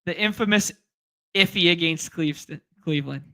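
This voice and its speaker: A man hosting a fantasy sports live stream in a loose, rambling way, tossing in jokes and shout-outs to chat. His voice sits a bit high and sounds bright and forceful. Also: moderate pace. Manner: rambling, jokey, reads chat aloud. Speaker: fantasy sports podcast host.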